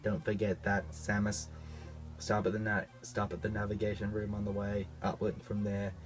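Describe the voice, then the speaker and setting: A man with a cough reading lines as a blunt starship computer in a stiff, flat mock-robot delivery. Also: fairly low pitch, normal speed, music in the background, natural voice, poor audio. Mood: commanding. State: unwell, coughing. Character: ship's computer, blunt commanding AI.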